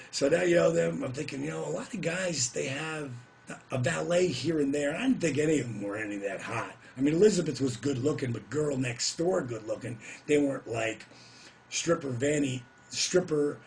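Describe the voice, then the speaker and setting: A middle-aged man telling a story to camera in a casual, animated way, whooping now and then and putting on voices for the people he quotes. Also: mid-range voice, gravelly, a little hiss or hum.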